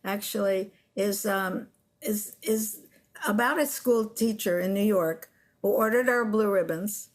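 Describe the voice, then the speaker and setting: Older female guest, animated storyteller on a podcast. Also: medium pitch, unhurried. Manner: animated storyteller who acts out quotes. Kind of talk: storytelling interview.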